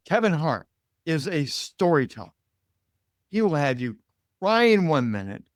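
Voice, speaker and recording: A man with an Indiana American accent, talking as a guest in a casual interview. He is animated and laughs easily. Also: mid-range voice, no room sound, clean studio sound. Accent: American Midwestern, Indiana. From United States. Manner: animated and expressive, laughs easily, acts out voices in quotes. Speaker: guest, media coach and broadcaster.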